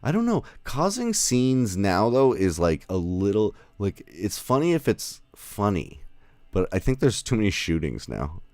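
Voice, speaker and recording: A man with a lowish, darkish voice hosts a podcast, his pitch swinging hugely as he speaks a little slowly with no room sound. He chats casually with remote guests over an audio call, rambling, correcting himself as he goes, and laughing often.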